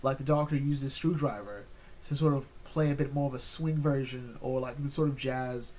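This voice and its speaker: A man's voice: mid-range voice, moderate pace, a little mellow, slight background noise. A man chatting casually as he reviews an episode, rambling with many fillers and restarts.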